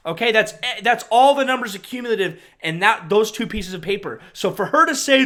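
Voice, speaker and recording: A man's voice: sits high, lively intonation, fairly quick, few pauses, fairly bright tone. A man giving heated commentary on a news clip, agitated and ranting, often repeating himself and restarting.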